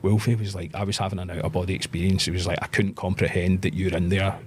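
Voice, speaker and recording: A man with a Scottish accent, a podcast guest telling stories in a lively way and acting out the voices of the people in them. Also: deep voice, fast, slight background noise. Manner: animated anecdotes, acts out quoted voices. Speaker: podcast guest, pro wrestler. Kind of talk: casual storytelling interview.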